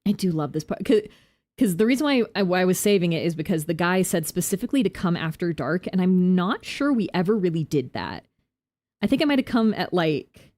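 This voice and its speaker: A woman's voice: on the low side, darkish tone, no echo. A young woman streaming a game, chatting casually and giggling as she rambles.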